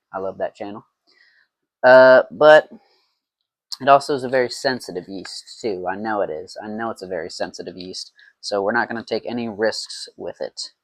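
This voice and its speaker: A man chatters in a loose, playful ramble as he works through a home brewing batch. His voice sits at an ordinary middle pitch. The sound is dry and close, with little room around it. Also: a bit bright, no echo. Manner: rambling, playful self-talk. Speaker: home mead brewer. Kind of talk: casual solo brewing vlog.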